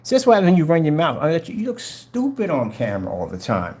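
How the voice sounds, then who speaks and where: A man on a livestream rant, taunting and confrontational, hammering viewers with the same questions again and again. His pitch jumps around a lot, swinging from low mutters to high, pointed jabs. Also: huge pitch swings, fast talker, a little mellow. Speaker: channel host.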